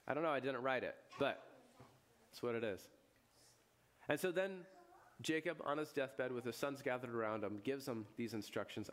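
A man preaches a sermon at a mid-range pitch, telling the scripture story like a lively storyteller. He rises into loud, excited bursts and then sinks into quiet, solemn lines. Casual asides and small chuckles keep it conversational. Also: moderate pace. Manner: chuckles and asides in everyday speech. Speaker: pastor.

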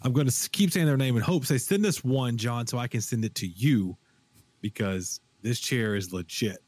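Animated rambling male podcast host. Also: mid-range voice, normal speed, husky, no room sound. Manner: animated, rambling, frequent fillers and restarts. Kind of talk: casual chat.

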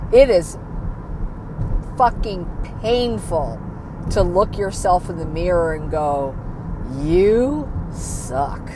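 A woman's voice: lowish voice, slow, pauses often, noisy background. A woman giving a blunt, self-critical monologue full of swearing, sometimes dropping almost to a whisper. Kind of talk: candid monologue.

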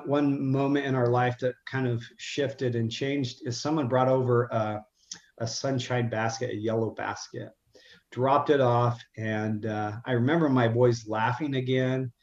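A middle-aged man earnestly telling a personal story, often halting and restarting his sentences. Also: mid-range voice. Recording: roomy, slightly dull sound.

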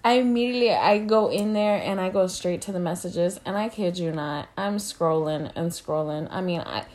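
A young woman co-hosting a podcast, telling a story in casual, profane chat and acting out the quotes loudly. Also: fairly low pitch, normal speed. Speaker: podcast co-host.

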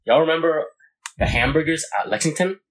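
A man's voice: fairly high pitch, brisk, rough recording. A young man in casual chat, rambling through a story with lots of fillers and restarts.

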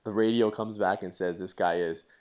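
A middle-aged man in casual chat, telling animated stories with swearing and laughter. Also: low voice, moderate pace.

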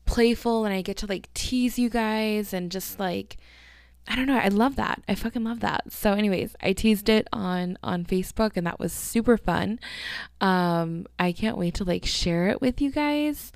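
A woman's voice: medium pitch, moderate pace, no echo, clean studio sound. A young woman hosting a solo podcast in casual chat, gushing to her listeners with lots of "like" and "um", yawning now and then. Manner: chatty, filler-heavy, 'like' and 'um' everywhere; yawns between phrases. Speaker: podcast host.

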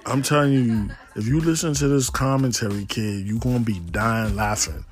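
A man's voice: medium pitch, fairly even intonation, normal speed, faint music behind. A stoned man rambling in a casual, slangy monologue, often losing his thread. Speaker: podcast host.

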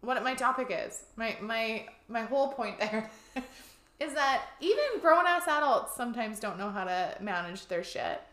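A woman co-hosting a casual podcast, talking in an animated way, swearing and acting out quoted lines. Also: fairly high pitch, moderate pace. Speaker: podcast co-host. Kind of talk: casual chat. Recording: echoey room.

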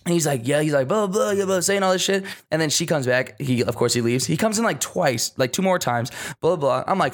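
Fast-talking young man telling stories. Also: fairly high pitch. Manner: rambling storyteller, heavy swearing and fillers. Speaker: podcast co-host. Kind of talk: casual podcast chat.

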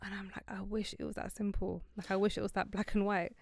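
A woman's voice: medium pitch, level tone, fast talker, creaky, no room sound. A woman, talking earnestly and reflectively in a podcast conversation.

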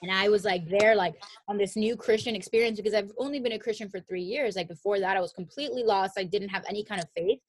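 A young adult woman telling a personal story in casual chat, rambling with constant fillers and lively quoted voices. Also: medium pitch, fast, few pauses. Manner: rambling, heavy use of "like", animated quoted voices.

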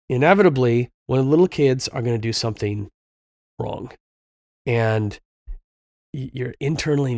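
A man's voice: a little high, gravelly, a little mellow, dry recording, studio quality. A middle-aged man hosting a parenting talk, speaking earnestly and a bit preachily, telling stories with fillers. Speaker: podcast host. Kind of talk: conversational Christian parenting talk.

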